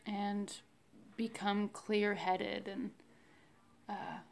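A woman speaks in an unhurried, reflective way, sharing a personal faith diary. Her voice carries a gravelly fry at the ends of phrases. She pauses often and fills the gaps with soft fillers. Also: medium pitch, little pitch movement. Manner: slow, reflective, devotional, with many fillers. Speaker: vlogger sharing a fasting diary. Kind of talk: casual spoken faith diary.

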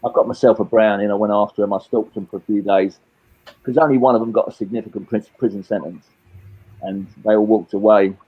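A man's voice: lowish voice, steady tone, quick pace, husky, narrow, tinny audio. A Cockney man in his late fifties, a guest telling his own life story in a rambling way, often repeating and restarting his words. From England. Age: 50s. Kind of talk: candid personal storytelling.

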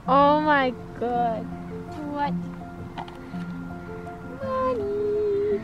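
A woman vlogging casually, giggly and excitable, reading aloud a little haltingly. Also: sits high, music in the background. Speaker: vlogger, birthday girl. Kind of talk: casual vlog chat.

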